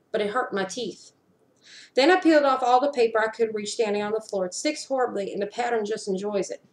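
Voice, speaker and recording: A woman giving an intense dramatic reading of a story, slowing down for emphasis, recorded on a webcam at home. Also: fairly high pitch. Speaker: reader. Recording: roomy echo.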